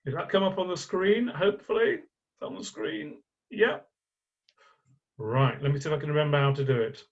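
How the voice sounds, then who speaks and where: Middle-aged male tutor, conversational, somewhat raised pitch, prone to restarts, muffled lo-fi sound. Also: expressive, normal speed. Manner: chatty, rhetorical questions, frequent restarts. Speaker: online course instructor. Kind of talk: live screen-share tutorial. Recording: dull lo-fi audio.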